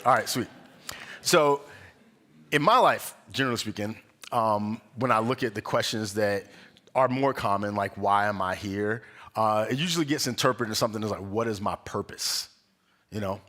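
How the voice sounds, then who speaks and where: A young man giving a conversational sermon at a spiritual center, an animated storyteller who acts out the voices in his stories and laughs often. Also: on the low side, moderate pace. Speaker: guest speaker at a spiritual center. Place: church sanctuary.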